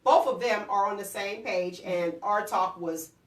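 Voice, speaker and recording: A woman hosting a casual talk show, telling lively stories about her children and acting out their lines. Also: mid-range voice, a little slow, recorded from a distance. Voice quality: lively storyteller, acts out quotes. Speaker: host. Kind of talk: casual chat. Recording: roomy, off-mic.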